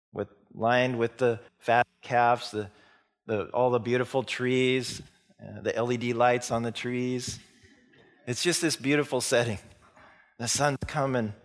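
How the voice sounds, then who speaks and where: Pastor preaching in a conversational manner. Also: male voice, medium pitch. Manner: conversational storytelling with frequent restarts and acted-out quotes. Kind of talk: sermon.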